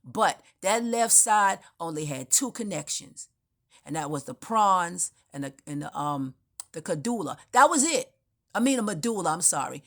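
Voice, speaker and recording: A woman's voice: fairly low pitch, lively intonation, normal speed. A woman giving an unscripted spiritual monologue, telling her story in a meandering, emphatic way with frequent restarts. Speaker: spiritual speaker.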